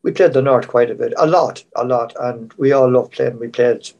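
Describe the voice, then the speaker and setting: A man's voice: medium pitch, moderate pace, vocal fry, a little mellow, lo-fi sound. An older Irish man, a former showband musician, telling rambling stories from his touring years in an online panel. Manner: rambling anecdotal storytelling.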